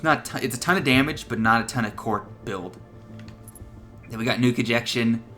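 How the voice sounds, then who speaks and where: A young man with a bright, forward voice talks through game tips in a loose, swearing, offhand way. Now and then he laughs at his own jokes. Faint music sits under his voice-over. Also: medium pitch, moderate pace. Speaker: gaming video creator. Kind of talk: casual gameplay tips commentary.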